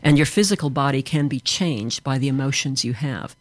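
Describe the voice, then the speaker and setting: A man's voice: mid-range voice, a little fast, no echo. A man from Chicago with an American accent, answering interview questions in a fluent, explanatory way as an author and trainer. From Chicago, USA.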